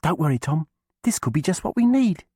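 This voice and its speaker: A man's voice: fairly high pitch, sing-song, a little fast, mellow, breathy edge, no echo, studio quality, voice pushed up. Man doing a bold, cheeky young girl. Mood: reassuring. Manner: eager, persuasive, folksy rustic talk. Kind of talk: audiobook character voice.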